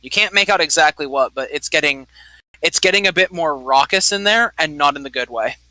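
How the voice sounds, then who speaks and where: A man's voice: a little high, fairly quick, sharp tone, no room sound, poor audio. A man narrating as game master of a tabletop game, loosely describing scenes with many fillers.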